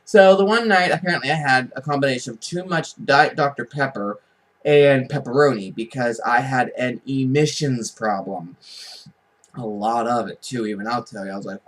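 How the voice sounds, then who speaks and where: A man's voice: mid-range voice, normal speed, low-quality recording. Man, casual storyteller, rambling, chatty, jokey asides. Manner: rambling, chatty, laughs at own jokes. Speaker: vlogger.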